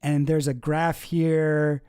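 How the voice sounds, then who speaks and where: A man's voice: fairly high pitch, little pitch movement, takes it slowly, warm tone, clear, resonant tone. A man hosting a casual commentary video, rambling and sarcastic, chuckling at his own jokes. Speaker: host.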